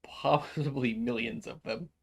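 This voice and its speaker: A man co-hosting a casual comedy podcast, animated and swearing a lot, acting out little skits with quoted voices. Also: mid-range voice, unhurried, creaky. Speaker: podcast co-host.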